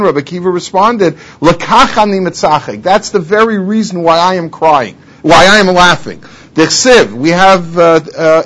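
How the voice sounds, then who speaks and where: A man's voice: high-pitched, a bit bright. A man teaching a Talmud lecture, quoting Hebrew and Aramaic phrases and translating each, pressing harder on his rhetorical questions. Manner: rising intensity on rhetorical questions. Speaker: Torah teacher.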